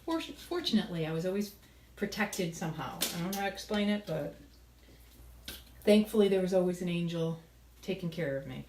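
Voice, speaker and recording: A woman's voice: on the low side, animated, fairly quick, pauses often, darkish tone. A middle-aged woman hosting a cooking show, chatting loosely to viewers while she cooks, telling rambling stories and asking for their tips. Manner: rambling, storytelling, asks viewers for comments. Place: kitchen. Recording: echoey room, mic far off, background noise.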